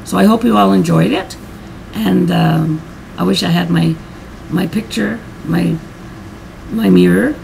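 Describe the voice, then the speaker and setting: Gravelly-voiced woman telling a heartfelt story. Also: fairly low pitch, measured pace, pauses often, a little mellow, slight background noise, rough recording. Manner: heartfelt, rambling, repeats words. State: emotional. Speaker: vlogger. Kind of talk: personal storytelling vlog.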